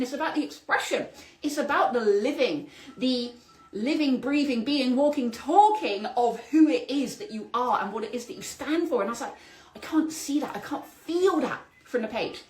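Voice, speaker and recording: A woman hosting a solo podcast, telling a story in an animated, exclamatory way with spiritual vocabulary. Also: high-pitched, reverberant, rough recording. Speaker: podcast host.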